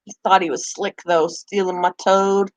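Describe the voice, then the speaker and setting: A woman's voice: medium pitch, flat delivery, normal speed, no room sound. A woman hosting a pet channel in a rambling, casual live chat. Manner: chatty, rambling, talks to her pets in between.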